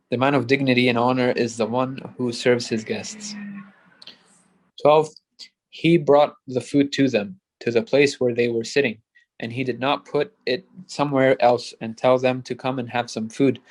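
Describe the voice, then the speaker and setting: A man reading a translated religious commentary aloud, point by point in a steady manner. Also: mid-range voice. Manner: steady, numbered points read from text. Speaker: student reader.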